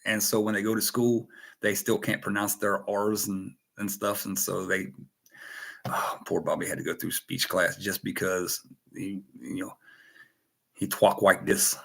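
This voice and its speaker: A man's voice: deep voice, level tone, measured pace, vocal fry, a bit bright. An American man hosting a casual livestream chat, rambling and joking as he greets viewers by name. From United States. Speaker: host.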